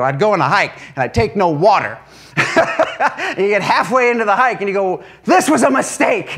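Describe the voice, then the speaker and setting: Animated, high-voiced preacher man. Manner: animated, engages congregation with questions and calls for amen; laughs while telling stories. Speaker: pastor. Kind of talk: sermon. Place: church service before a congregation.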